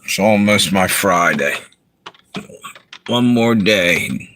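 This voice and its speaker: Relaxed man chatting on a live stream. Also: deep voice, takes it slowly, a little hiss or hum. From Delaware, US. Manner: relaxed, rambling, reads out viewer comments. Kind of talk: casual live stream chat. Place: parked car.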